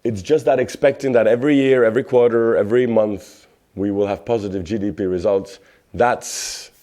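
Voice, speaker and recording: Czech economist speaking at a conference. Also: male voice, medium pitch. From Czech Republic. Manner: conversational, rhetorical questions, repeats words while searching. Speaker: economist giving a talk. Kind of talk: public talk. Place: conference venue.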